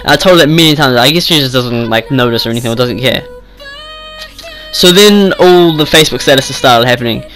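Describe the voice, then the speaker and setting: A man's voice: medium pitch, brisk, a bit bright, soft background music, poor audio. A teenage boy telling a rambling story in casual chat, swearing often and filling with "like". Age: teens. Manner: rambling, swears freely, lots of "like". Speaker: vlogger.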